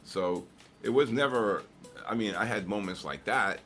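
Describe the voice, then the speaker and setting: A man's voice: lowish voice, normal speed, a bit bright, soft background music. A middle-aged man trading live on a stream, chatting casually and rambling through stories with lots of fillers and restarts. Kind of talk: casual chat.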